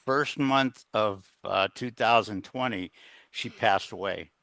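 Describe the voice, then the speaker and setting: Brief: middle-aged male coach on a podcast, lowish voice with a sharp, forceful edge, earnest and meandering, lots of "uh" and "you know". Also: slow, gravelly, no echo. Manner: rambling, with many fillers and restarts; earnest, plain-spoken. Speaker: guest, executive coach. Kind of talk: conversational storytelling in an interview.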